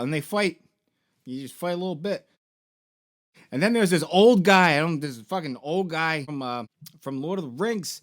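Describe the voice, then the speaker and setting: A man with a high voice retells a video game's story as a comedy bit. He rambles, swears freely and jokes along as he talks. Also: expressive, moderate pace. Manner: rambling, profane, joking. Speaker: video game store founder and host.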